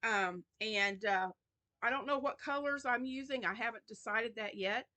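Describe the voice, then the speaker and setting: A woman's voice: fairly high pitch, moderate pace, pushed and bright. A woman hosting a crochet channel in a casual vlog, chatty and rambling with many restarts, tired and yawning.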